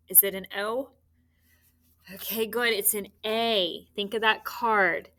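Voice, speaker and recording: A woman teaching a recorded phonics lesson, dictating words slowly and patiently, with encouraging checks. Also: medium pitch, bright, forceful tone.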